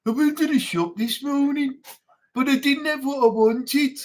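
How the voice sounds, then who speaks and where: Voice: high voice, voice pushed up. A streamer putting on a mopey Birmingham drawl. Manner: slow, flat, mopey drawl. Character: glum Birmingham local, bored and depressed.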